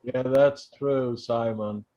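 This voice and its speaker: Slow halting man on a dull line. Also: mid-range voice, fairly even intonation, warm tone, soft background music. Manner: slight stutter, halting. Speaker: caller on a live stream chat. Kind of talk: casual chat.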